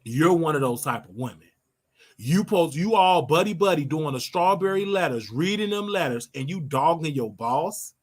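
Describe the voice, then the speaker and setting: A man's voice: on the high side, animated, moderate pace. An older man hosting his own show, giving a brash, scolding commentary monologue and drawing out words for emphasis. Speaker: show host.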